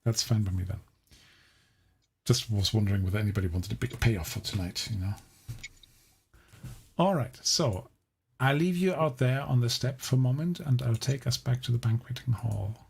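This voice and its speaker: Male game master; gravel in the voice, husky edge; measured, explanatory narration. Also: medium pitch. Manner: measured, explaining, often restarting his sentences.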